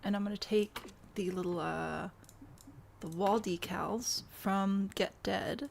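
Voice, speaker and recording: Woman streamer, casual and self-mocking, mid-pitch with a gravelly edge, hiccuping. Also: fairly even intonation, takes it slowly, a little mellow, a little hiss or hum. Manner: wry, self-deprecating, reads chat aloud and answers. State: has the hiccups. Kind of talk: casual live-stream chatter while building in a game.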